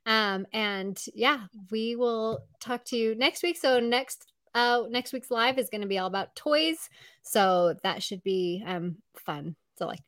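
A woman's voice: a little high, measured pace, fairly bright tone. A woman hosting a live show on a video call, chatting casually and filling her talk with "like" and "um". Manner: chatty, full of "like" and "um". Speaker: podcast host.

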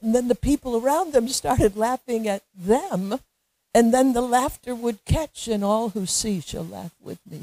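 A woman preaching a sermon, telling a story with lively, animated delivery and frequent laughter. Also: lowish voice, no echo.

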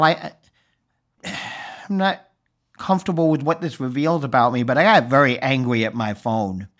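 A man hosting a podcast, telling a story in a wry, self-deprecating way. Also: on the high side. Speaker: podcast host. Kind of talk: storytelling monologue.

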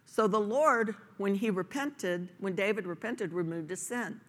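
A woman's voice: mid-range voice, a little slow. A woman pastor delivering a sermon, earnest and emphatic, pressing her points with rhetorical questions. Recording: long hall reverb.

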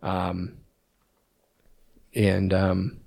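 Male podcast co-host, low-pitched, relaxed plot recap full of fillers, dry recording. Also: drawn-out words, gravelly, no echo. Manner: retells scenes with many ums and restarts. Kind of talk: casual movie discussion.

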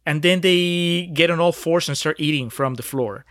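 Male podcast co-host, higher pitch, dry close sound, thoughtful and hesitant film critique. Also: fairly bright tone, no echo. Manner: analytical, halting with restarts. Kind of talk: casual film review chat.

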